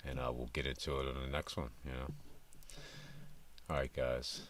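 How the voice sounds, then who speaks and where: A man hosting a reaction stream, chatting casually in a relaxed, halting way with lots of fillers. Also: extremely low pitch, slight background noise. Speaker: reaction channel host.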